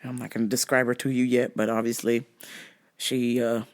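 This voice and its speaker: A woman hosting a podcast who tells stories in a profane, animated way, laughing often and acting out other people's lines. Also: extremely low pitch, normal speed. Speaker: podcast host. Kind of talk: comedic storytelling.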